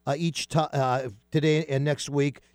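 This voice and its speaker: A man hosting a casual radio talk show, chatty and animated, with many fillers and restarts. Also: on the high side, normal speed, no echo, clean studio sound.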